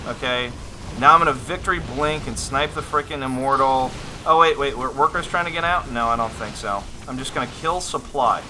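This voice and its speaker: A man casting a strategy game replay on his own, excitable and thinking aloud, often repeating his phrases. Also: medium pitch, fairly quick, background noise. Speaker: game caster. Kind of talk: solo esports commentary over a replay.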